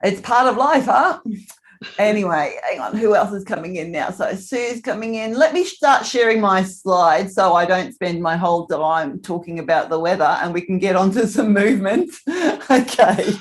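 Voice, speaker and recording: A woman's voice: mid-range voice, lively intonation, moderate pace. A middle-aged woman with an Australian accent, teaching a live online movement class over a video call, chatting and greeting people by name with frequent laughter.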